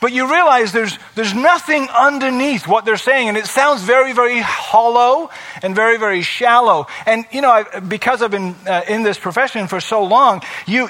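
A man's voice: very high voice, pushed and bright. A middle-aged male pastor preaching a sermon, earnest, asking rhetorical questions and repeating phrases for emphasis.

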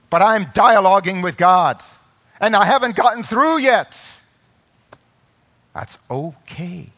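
Impassioned high-voiced man preaching. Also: lively intonation, slow, pauses often. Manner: swings from quiet explaining to loud impassioned crying out; acts out quoted voices of children and parents. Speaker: pastor. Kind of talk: sermon.

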